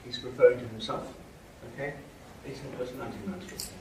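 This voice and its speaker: A man's voice: medium pitch, steady tone, fast talker. A man giving a university lecture, explaining with frequent checks like "okay?" and "right?". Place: lecture hall. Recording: echoey hall from far off, faint noise.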